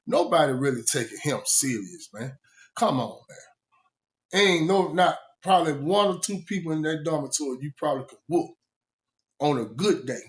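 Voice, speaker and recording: Animated man telling a prison story. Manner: animated, laughs often, voice jumps high when quoting himself. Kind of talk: casual storytelling.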